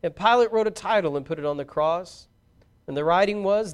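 Solemn guy reading scripture, high clear voice, steady pace. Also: a little fast. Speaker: scripture reader.

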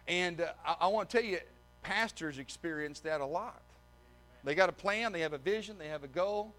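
Male preacher with a high, bright voice; emphatic delivery with dry humor. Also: moderate pace. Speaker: visiting preacher. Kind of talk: sermon with scripture reading.

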